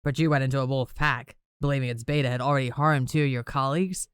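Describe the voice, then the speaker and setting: A firm, fatherly giant of a man with an eye patch, delivering a stern warning in a deep, dry storybook voice, as a woman reads him. His words come out level and serious. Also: fairly even intonation, fast, smooth, no room sound. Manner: firm, scolding.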